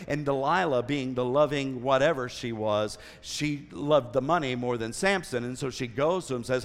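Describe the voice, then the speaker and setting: A man preaching a sermon as a traveling preacher, telling a story with lively asides and voiced quotes. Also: fairly high pitch, moderate pace, hardly any pauses. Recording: long hall reverb.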